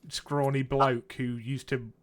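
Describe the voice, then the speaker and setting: Speaking slowly in a mid-range voice with little pitch movement, a man co-hosts a podcast. He chats casually, swears freely, and laughs at his own stories.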